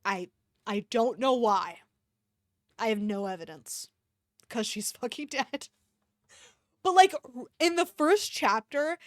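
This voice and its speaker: A woman's voice: medium pitch, smooth, no echo, clean studio sound. A woman streamer reading fan fiction aloud and breaking off for joking, swearing commentary.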